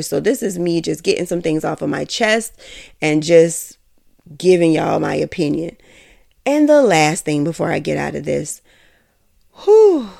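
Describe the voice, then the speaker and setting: A woman's voice: on the low side, creaky. A woman hosting a solo podcast, giving candid, emphatic and rambling opinions. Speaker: podcast host.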